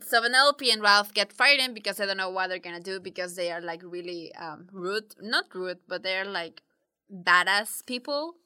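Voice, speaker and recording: A woman's voice: mid-range voice, animated, moderate pace, sharp tone, smooth. A woman in casual chat, recapping a movie plot in a rambling, giggly way with many "like"s. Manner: rambling, giggly retelling with quoted character voices.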